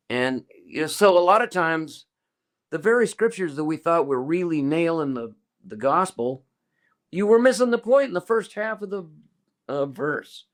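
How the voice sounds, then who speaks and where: A man's voice: fairly high pitch, very animated, moderate pace. An older man talking casually as a guest, rambling and restarting his sentences as he tells stories. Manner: rambling, self-interrupting storyteller. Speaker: guest musician. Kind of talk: casual conversation.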